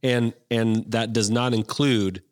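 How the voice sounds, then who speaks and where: A man's voice: medium pitch, flat delivery, takes it slowly. A man co-hosting a casual chat, enthusiastic, with frequent restarts. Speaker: podcast co-host.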